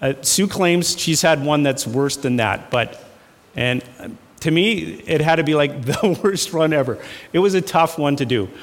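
A man's voice: fairly high pitch, animated, measured pace, big-room sound. A man preaching a sermon, emphatic and repetitive, shifting into folksy storytelling with casual fillers. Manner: emphatic, repeats phrases for effect. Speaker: pastor.

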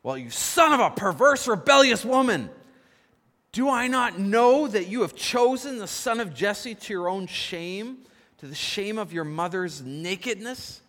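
A man voicing an old king furiously cursing his son, shouting with scorn. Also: high-pitched, lively intonation, measured pace, pitched above the performer's own voice. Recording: long reverb of a large hall.

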